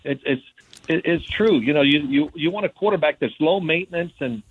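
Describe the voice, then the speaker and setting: Male radio analyst, husky, stumbling restarts, thin phone-line sound. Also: on the high side, dry recording. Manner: halting, many restarts. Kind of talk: radio interview talk.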